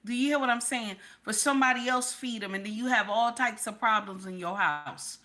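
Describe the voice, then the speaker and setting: Slightly high and brisk, with hardly any pauses and a sharp tone, this woman hosts a live stream advising women. She reads names and speaks to her chat, offering blunt, preachy advice and repeating herself for emphasis.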